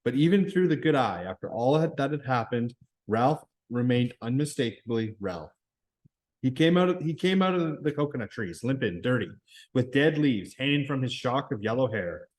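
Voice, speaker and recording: A man reading a novel aloud in a plain, measured way. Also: mid-range voice, animated. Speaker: reader.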